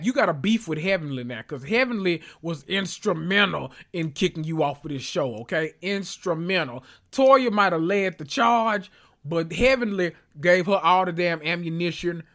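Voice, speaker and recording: A man's voice: high voice, normal speed, a bit bright. A man hosting a podcast, chatting casually and profanely, rambling with self-interruptions. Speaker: podcast host. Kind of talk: casual reality-TV recap chat.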